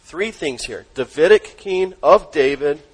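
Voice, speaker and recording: A man preaching a sermon as pastor, emphatic, asking the congregation questions and dropping his voice low on key words. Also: expressive, unhurried, breathy edge, rough recording.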